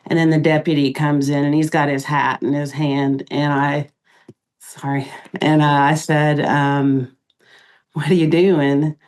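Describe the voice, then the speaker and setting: Woman, middle-aged, low voice, flat delivery, halting speech with fillers, podcast guest interview. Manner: halting, many pauses and fillers. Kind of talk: emotional interview recounting.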